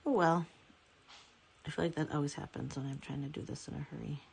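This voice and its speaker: A woman's voice: low-pitched, fairly even intonation, fairly quick, gravelly, slight background noise. A woman chatting casually as a nail art vlogger at home, rambling and correcting herself as she goes. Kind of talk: casual chat.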